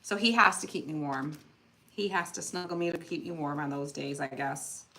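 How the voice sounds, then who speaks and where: A woman's voice: low voice, normal speed, creaky, sharp tone, slight background noise. A middle-aged woman chatting animatedly while crafting, telling stories to her viewers. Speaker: craft channel host. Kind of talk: casual chat while crafting.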